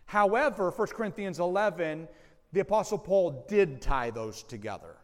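A man preaching a sermon as pastor, slow and deliberate, pausing between phrases and leaning hard on key words. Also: high voice, lively intonation, long reverb tail.

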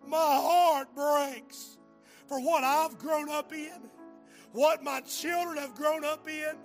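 An older man preaching an impassioned revival sermon and prayer, swinging from hushed tones to shouting, his voice breaking with emotion. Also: very high-pitched, fairly even intonation, slow pace, soft background music.

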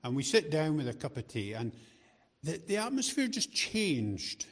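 A man's voice: a little high, sing-song, moderate pace. A middle-aged man preaching a sermon in a chatty, joking way, often repeating words as he restarts his sentences. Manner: chatty, joking asides to the congregation. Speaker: lay preacher.

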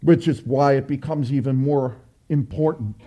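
A man's voice: medium pitch, moderate pace, dark tone. A man preaching a sermon, earnest and exhorting, building through repeated phrases.

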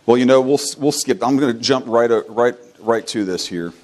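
A man preaching a sermon with emphatic delivery, repeating phrases and swinging between loud, high exhortation and quiet, low asides. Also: normal speed.

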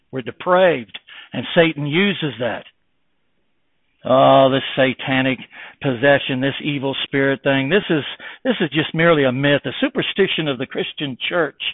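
A male pastor preaching an impassioned sermon, firing rhetorical questions and quoting old scripture phrasing. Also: dry recording. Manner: impassioned preaching, swinging from loud exhortation to low earnest tones. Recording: dry, tinny phone-like sound.

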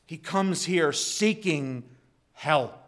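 A man preaching a sermon slowly, building to fervent emphasis. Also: on the high side, lively intonation, fairly bright tone. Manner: slow, rising to fervent emphasis.

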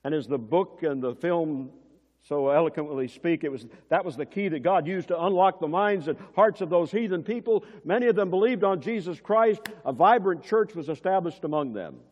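A man preaches a sermon in a large church hall, and his voice trails into a long reverb. His pitch sits a little high and moves in lively swings, from loud emphasis down to quiet, hushed lines. He questions his listeners like a teacher, and the recording sounds somewhat dull. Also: normal speed. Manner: teacherly, asks the congregation questions.

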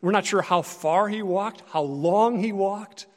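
A high-voiced male pastor preaching with earnest, conversational directness. His loudness swells and falls for emphasis, and a long reverb trails each phrase through a large hall. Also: a little slow. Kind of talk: sermon.

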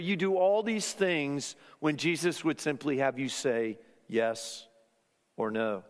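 A man preaching a sermon, earnest and emphatic, sometimes dropping to hushed tones. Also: medium pitch, slow pace. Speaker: pastor. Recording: long hall reverb.

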